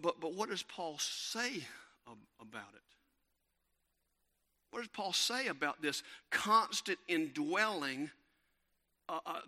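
Bright-voiced preacher man. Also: on the high side. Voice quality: bright, animated storytelling with frequent fillers and restarts. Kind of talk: sermon.

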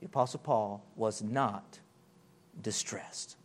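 A man preaching a sermon, slowing and stretching key words, dropping to near-whispers and then building to loud, emphatic peaks. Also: on the low side. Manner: wide swings from hushed, drawn-out phrases to loud emphatic build-ups.

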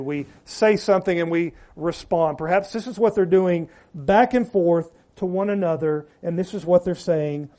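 A man delivers a sermon with a high-pitched but warm, dark-toned voice. He leans hard into repeated words for emphasis, then lets his phrase endings sink low and quiet. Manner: preaching with rising emphasis and trailing drops at phrase ends. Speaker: pastor.

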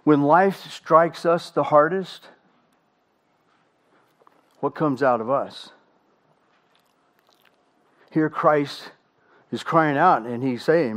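A middle-aged man, a pastor, preaching a sermon with emphatic delivery, slow dramatic pauses and rhetorical questions. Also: on the high side, a bit bright.

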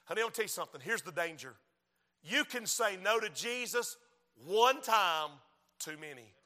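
A male pastor preaching a sermon with impassioned swings from loud declarations to hushed passages. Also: high-pitched, big-room sound.

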